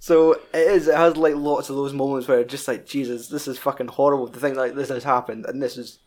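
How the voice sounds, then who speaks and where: A man with a Scottish accent chatting casually as a podcast co-host, telling a film's story in an animated, heavily sweary way. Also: mid-range voice, fairly quick. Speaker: podcast co-host reviewing a film. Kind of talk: casual chat.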